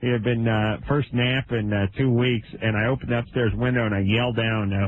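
A man in his thirties co-hosting a late-night radio call-in show, ranting sarcastically and jumping his pitch up for comic bits. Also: fairly even intonation, a little fast, hardly any pauses. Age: 30s. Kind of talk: casual comedic radio banter. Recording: narrow phone-like radio sound.

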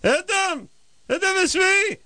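Brief: man putting on a shrill, insistent Israeli-accented woman in her sixties, very high and sharp, dry sound. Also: animated, measured pace, dry recording, full character voice. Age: 60s. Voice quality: shrill, broken English. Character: pushy older woman neighbor, insistent.

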